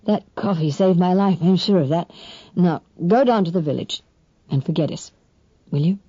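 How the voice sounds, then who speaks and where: A woman reading an audiobook and voicing a sick young man in his twenties, who talks in weak, hushed, clipped bursts with firm authority. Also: sits high, moderate pace, husky, no room sound, highs cut off. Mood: weary, urgent. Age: 20s.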